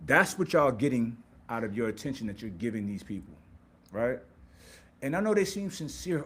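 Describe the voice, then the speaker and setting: A man's voice: mid-range voice, sing-song, normal speed, fairly bright tone, slightly rough. A man hosting a live stream, giving an emphatic, preachy motivational monologue with repeated words and rhetorical questions. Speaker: host.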